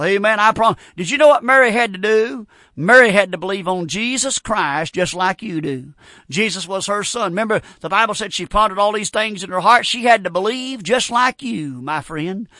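A man's voice: sits high, fairly quick, sharp tone, no echo. A man preaching a fiery radio sermon, repeating phrases and building emphasis. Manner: preaching with rising emphasis and repetitions.

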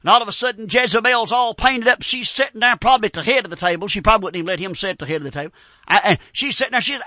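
A man preaching a folksy, storytelling sermon, animated and punctuated with amens. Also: high-pitched, rapid-fire, dry recording, studio quality.

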